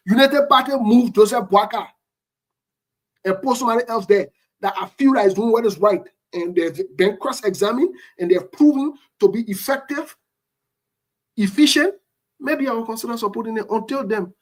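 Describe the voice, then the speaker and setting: A man with a Liberian English accent, co-hosting a talk show and giving heated political commentary in a forceful, repetitive, defiant way. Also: high-pitched. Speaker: co-host.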